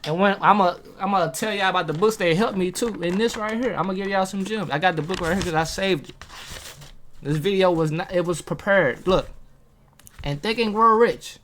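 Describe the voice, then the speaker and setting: A man hosting motivational videos sits at a table filming himself, preaching casually and throwing rhetorical questions at his audience. He speaks briskly in a high, fairly bright voice, with a faint hiss or hum on the recording.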